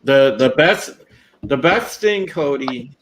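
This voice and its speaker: A man's voice: mid-range voice, animated, slow, fairly bright tone, a little hiss or hum. A man hosting a podcast who chats casually and crudely, stammering and restarting his sentences. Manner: stammering, repeats words, crude. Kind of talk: casual chat.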